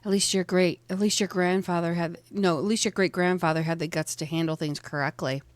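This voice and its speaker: A woman's voice: fairly low pitch, steady tone, fairly quick, dry recording, natural voice. A woman voicing a stern woman professor with a thick Italian accent who speaks coldly and scoldingly. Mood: scornful.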